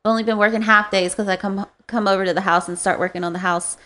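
A woman's voice: mid-range voice, fairly even intonation, quick pace, sharp tone. A woman in casual chat with friends, telling rambling stories and laughing often.

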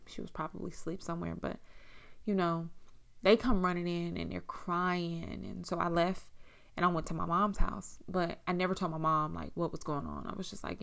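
Speaking at a moderate pace, this young woman has a low-leaning, creaky but fairly bright voice. She recounts her own experience candidly and casually, cursing without hesitation and filling her speech with "like" and "you know."

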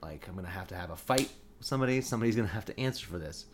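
A man's voice: sits low, lively intonation, rapid-fire. A middle-aged man telling a long personal story in casual talk, full of "like" and restarts. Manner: rambling, lots of "like". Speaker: guest. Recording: faint background noise.

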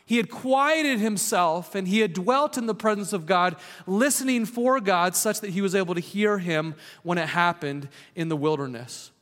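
A man preaching a sermon as a pastor, earnest, sometimes dropping to a hushed voice for emphasis. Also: high voice, moderate pace, hardly any pauses. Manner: earnest, drops to a hushed voice on key points. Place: church hall with long reverb. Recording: reverberant church hall.

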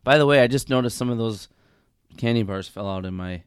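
A man's voice: medium pitch, brisk, smooth, no room sound, studio quality. A man co-hosting a podcast, chatting casually in a playful, teasing way into a desk mic. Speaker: podcast co-host. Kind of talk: casual chat. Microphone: desk microphone.

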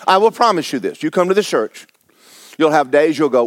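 A man's voice: on the high side, animated, a little fast, dry recording. A man preaching a blunt, exhorting sermon, firing rhetorical questions at his congregation. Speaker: pastor.

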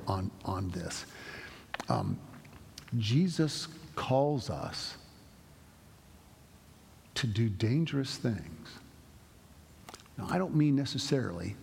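A male pastor delivers a sermon in a loose, conversational way, often stopping and restarting his thoughts. His voice is gravelly and a bit husky. It carries a long echo, as if recorded in a large church hall. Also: fairly low pitch, a little mellow. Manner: conversational, halting, with many restarts.

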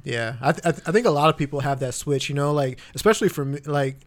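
A man's voice: a little high, fast. A young man co-hosting a podcast, speaking in a laid-back, reactive way and often restarting his sentences. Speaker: podcast co-host. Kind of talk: casual chat.

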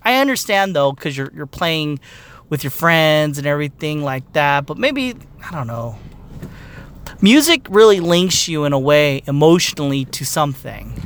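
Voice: medium pitch, a bit bright. Rambling, profane game-review rant. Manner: rambling, swears a lot, frequent restarts.

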